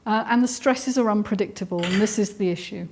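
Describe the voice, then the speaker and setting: A woman's voice: medium pitch, a little fast, a little mellow, slight background noise. A middle-aged woman with an English accent giving a live talk to an audience, earnest and explanatory, with frequent ums and restarts. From England. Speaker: speaker giving a talk on trauma.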